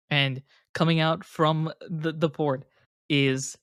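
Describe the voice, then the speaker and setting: A man's voice: a little high, little pitch movement, slow, fairly bright tone, clear, resonant tone, dry recording, studio quality. A man narrating as game master, rambling and hesitant with many fillers.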